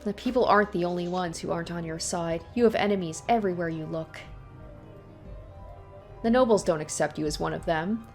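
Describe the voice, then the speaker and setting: A woman's voice: lowish voice, natural voice. A woman reading a visual novel aloud, voicing the taunting ghost of a cruel old tyrant. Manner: sneering, taunting, slow and menacing.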